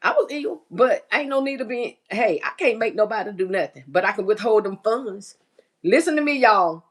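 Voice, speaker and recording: A middle-aged woman hosts a relaxed livestream, making baskets and tidying up as she reads comments from viewers aloud. She talks in an animated, medium-pitched voice at a moderate pace, with a chatty, down-home Southern US way of speaking.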